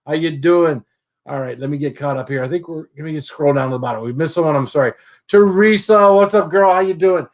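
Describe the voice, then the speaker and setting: A man's voice: a little high, a little fast. Chatty man hosting a livestream. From Michigan, USA. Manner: chatty, greets viewers by name. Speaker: livestream host. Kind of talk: casual live-stream chat.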